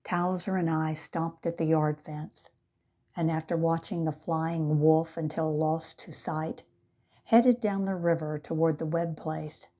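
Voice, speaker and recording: A woman reads an audiobook aloud at a slow, measured pace. Her voice is low and mellow, with a dark tone. She narrates steadily. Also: fairly even intonation. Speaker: volunteer audiobook reader.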